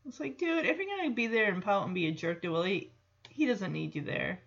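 A woman's voice: medium pitch, expressive, brisk, vocal fry. A woman chatting casually through a film reaction, with many fillers and asides, in a lo-fi recording.

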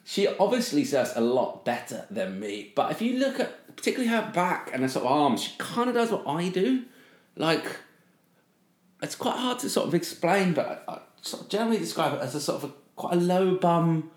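A man's voice: a little high, sing-song, fairly quick. A man co-hosting a casual podcast, talking in a rambling way with many fillers and casual swearing. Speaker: podcast co-host. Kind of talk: casual chat. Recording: roomy echo.

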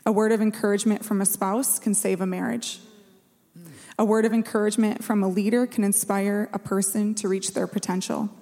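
A woman addresses a congregation in an earnest, conversational way. Her intonation stays flat and level. A long hall reverb trails her voice. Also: medium pitch, a little fast. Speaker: church staff speaker. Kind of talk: sermon talk.

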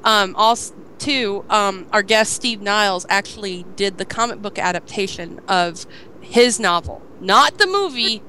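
Bright-voiced woman podcast host. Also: medium pitch, a little slow, slight background noise. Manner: relaxed, recommends with hesitations. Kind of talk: casual chat.

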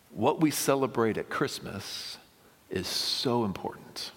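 A man preaching a conversational sermon, often dropping to a hushed whisper on key lines. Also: lowish voice, big pitch swings, takes it slowly, slightly rough. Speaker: pastor. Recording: long hall reverb.

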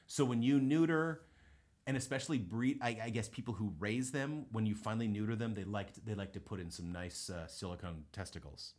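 A man in his forties, a guest on a comedy talk show, telling a story with animated delivery and acting out the people in it. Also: on the low side, a little fast. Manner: animated, acts out quoted people. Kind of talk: comic storytelling.

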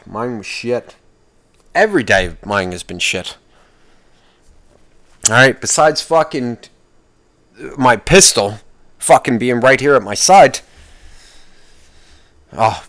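A young man vlogging in a rambling, profane rant, his voice swinging widely up and down as he fires off complaints. He restarts sentences and swears in almost every line, flaring into loud outbursts before dropping back to a muttered aside. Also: mid-range voice, dry recording.

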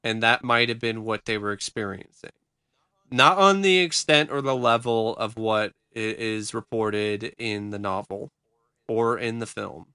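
Brief: man, casual podcast co-host, clear crisp voice, close dry mic, blunt and swearing. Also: mid-range voice, bright, forceful tone, dry recording. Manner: candid, swearing, many restarts.

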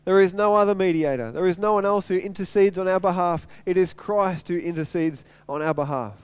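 Earnest high-voiced male preacher. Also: brisk, clean tone, no echo. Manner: earnest, repeats phrases for emphasis. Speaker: pastor. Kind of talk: sermon.

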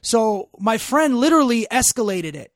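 A middle-aged man telling a story in casual chat, animated and profane, getting loud when worked up. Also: very high voice, moderate pace, dry recording, clean studio sound.

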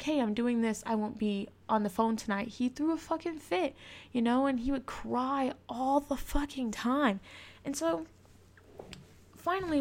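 A woman's voice: fairly high pitch, creaky, a little mellow. A young woman hosting a podcast, telling a personal story in a frank, confessional way and swearing freely. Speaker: podcast host.

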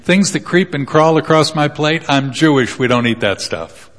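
An indignant Peter, protesting in a raised, pitched-up voice, as a preacher puts him on in his sermon. His exasperated complaint echoes through a big reverberant hall. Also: lively intonation, moderate pace, lightly acted. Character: indignant apostle Peter, a grown man, protesting.

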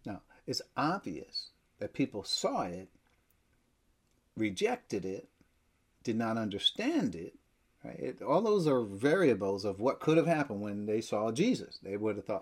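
A man preaching a sermon, emphatic, with loud stresses that drop to near-whispers. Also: fairly low pitch, very animated, a little slow, breathy edge.

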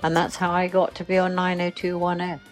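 A woman's voice: lowish voice, completely flat delivery, brisk, faint music behind. An older British woman, an actress guest, chatting through stories with many restarts. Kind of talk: casual interview chat.

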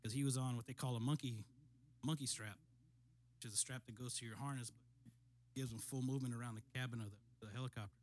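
A middle-aged man and military veteran telling a story in casual conversation, steady and matter-of-fact, often clearing his throat. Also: medium pitch, fast talker.

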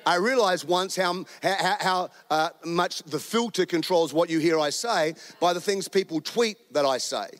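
This is a middle-aged man with an Australian accent, speaking in a fairly high voice. He is giving a sermon in an animated, joking way, slipping quick asides into his stories. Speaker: guest preacher.

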